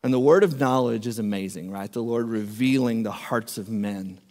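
A man's voice: on the low side, normal speed, darkish tone. Man, sermon storytelling, acts out the quotes, church hall reverb. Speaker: preacher.

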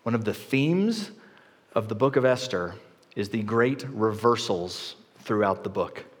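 A male pastor preaching a sermon in a conversational, animated storytelling way. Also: on the low side, unhurried. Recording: long hall reverb.

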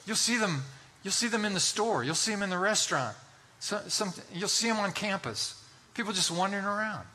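A pastor in his sixties delivers a sermon full of folksy stories, spurring his listeners on with emphatic exhortations. His voice is high and sharp, with lively intonation and a normal speed. There is slight background noise.

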